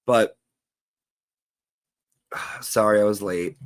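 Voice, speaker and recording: Man, low voice, chatty comic teacher persona, gossipy and theatrical, dry close sound. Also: fairly even intonation, very slow, no echo. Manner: chatty, gossipy, swears casually. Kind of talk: gossipy livestream monologue.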